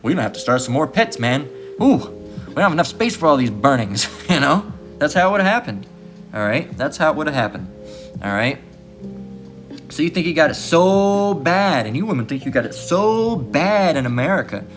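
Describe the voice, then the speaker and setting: A man holds forth in a blunt, profane preaching rant, swearing freely and punctuating nearly every point with a questioning "all right?". His voice sits at an ordinary middle pitch. A faint strain of music runs underneath him. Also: very animated, normal speed. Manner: blunt, crude, repeats "all right?" constantly.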